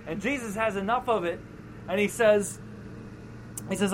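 A pastor preaches in a relaxed, conversational way and slips into quoted voices from the story. The voice sits at a middling pitch, with a faint hum of noise behind it. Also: moderate pace, low-quality recording. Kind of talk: sermon.

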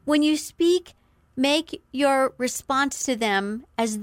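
A middle-aged woman hosting a podcast, giving an earnest devotional teaching talk and slowing down to stress key phrases. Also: high voice, dry recording. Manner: earnest, warm encouragement with slow emphatic quotes. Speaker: podcast host.

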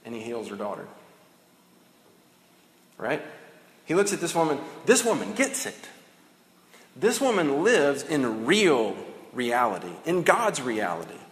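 A man's voice: medium pitch, sing-song, measured pace, pauses often. A man preaching a sermon in a conversational way, acting out the dialogue of the story as he goes. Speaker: pastor. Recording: echoey hall, long reverb.

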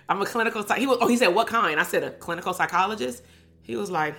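A woman's voice: medium pitch, a little fast, a bit bright, faint music behind. A young woman, a clinical psychologist, telling a personal story to her online audience in a casual, sarcastic way, swearing and laughing as she goes. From Compton, Los Angeles.

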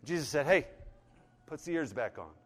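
A man preaching a sermon, telling the story and acting out the voices in it, going from hushed and low to loud and fervent. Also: animated, normal speed. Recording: long hall reverb.

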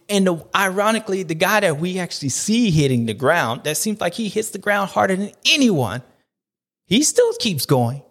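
His voice sits high and sounds a bit bright, very animated yet at a moderate pace. The man hosts a supercross recap show, riffing through animated casual commentary with playful slang and recurring catchphrases.

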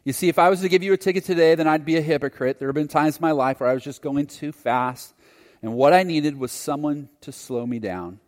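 A man voicing a calm, friendly highway patrol officer who speaks gently and without hurry. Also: lightly acted. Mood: gentle. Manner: gentle, unhurried, kindly. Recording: long hall reverb.

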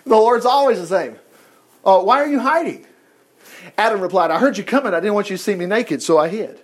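A man's voice: high voice, lively intonation, quick pace. A man preaching a sermon, reading scripture aloud and breaking off into folksy, exclaiming asides to his listeners. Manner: folksy, talks straight to the congregation.

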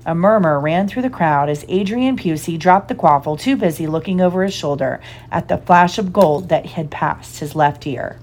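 A woman giving a lively, expressive storybook narration. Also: fairly low pitch, normal speed, a little hiss or hum. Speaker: audiobook reader.

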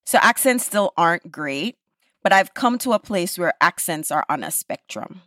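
A woman's voice: on the low side, expressive, moderate pace, fairly bright tone, no room sound, studio quality. A woman from the Caribbean with a Caribbean accent, a guest talking casually and emphatically, often adding tag questions. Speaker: guest, podcast creator. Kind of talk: casual conversation.

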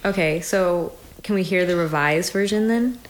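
A woman with a fairly low voice talks as a podcast guest, walking through explanations step by step and teasing the host dryly. Her voice echoes around the room over a faint background noise. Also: moderate pace. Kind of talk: casual chat. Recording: roomy echo, faint noise.

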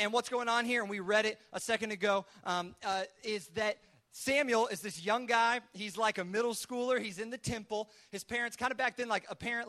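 A man preaching a conversational sermon, telling the story in a casual, chatty way with lively acted asides. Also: high voice. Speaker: pastor.

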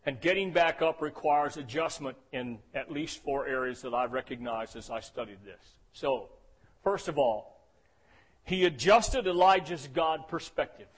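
A man preaching a sermon as pastor, swinging between soft low passages and loud shouted ones, often calling out "Amen?". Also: unhurried, husky. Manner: calls for "Amen?" responses.

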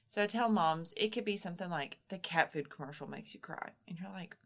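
A woman's voice: mid-range voice, animated, fairly quick, few pauses, a bit bright. A woman co-hosting a casual podcast and walking listeners through postpartum health. She explains patiently and reassuringly, and now and then voices a new mom's thoughts to make her point. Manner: explanatory, reassuring, acts out moms' inner voices.

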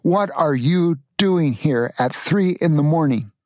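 A man's voice: on the high side, lively intonation, unhurried, no echo, studio quality. An old man doing a stern big policeman. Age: older. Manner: stern questioning.

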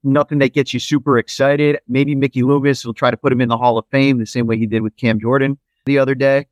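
A man's voice: mid-range voice, level tone, quick pace, no echo, highs cut off. A man hosts a casual football podcast, his voice sitting in an ordinary middle register. He rambles through his points with plenty of asides and restarts. The sound is dry and close. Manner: loose, rambling, many fillers and restarts. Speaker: podcast host. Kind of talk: casual sports analysis chat.

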